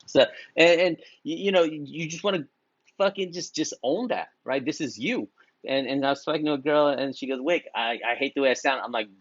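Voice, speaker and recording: A man's voice: fairly high pitch, brisk, no room sound. Swearing slangy guy pep-talking estheticians, dry close sound, kinda dull audio. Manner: profane, blunt, laughs at own jokes; repetitive restarts, slangy. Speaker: beauty business coach. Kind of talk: casual motivational talk to camera.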